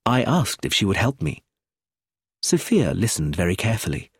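Man, audiobook narrator, husky, lively lilting delivery, dry close mic. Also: fairly low pitch, normal speed, no room sound. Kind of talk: first-person storybook narration.

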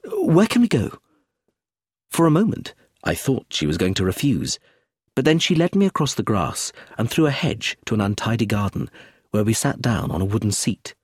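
A man reading a first-person story aloud in an expressive, lilting narrator's manner at a close mic. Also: on the low side, a little fast, husky, no echo. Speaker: audiobook narrator.

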